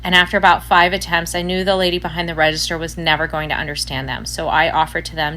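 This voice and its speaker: A woman's voice: lowish voice, quick pace, few pauses, a little hiss or hum. A woman telling a funny anecdote to the camera, acting out the people in it. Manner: lively, acts out the people in her story. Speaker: storyteller.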